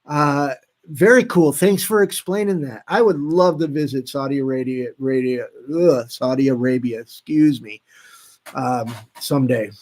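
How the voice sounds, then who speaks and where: A man hosting a live stream, reading out viewer comments in a casual, halting way with frequent restarts. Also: mid-range voice, a little mellow. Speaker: livestream host reading chat.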